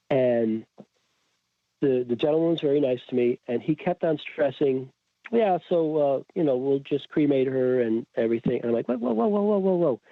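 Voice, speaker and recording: Man with connecticut accent, animated storyteller, tinny phone-like sound, dry. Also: medium pitch, dry recording. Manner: animated, acts out quoted voices, frequent restarts. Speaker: podcast guest. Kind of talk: storytelling in a casual chat.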